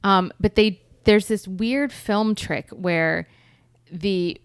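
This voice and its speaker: A chatty woman co-hosting a podcast and thoughtfully picking out small details. Her pitch is mid-range and the recording is dry, with no echo. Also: slow, clear, resonant tone. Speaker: podcast co-host. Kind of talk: casual chat.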